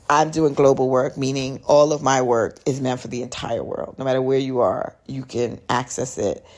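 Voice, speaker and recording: Very low, gravelly-voiced woman podcaster. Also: darkish tone. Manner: chatty, rambling, retells conversations. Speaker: podcast host. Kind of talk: casual podcast storytelling.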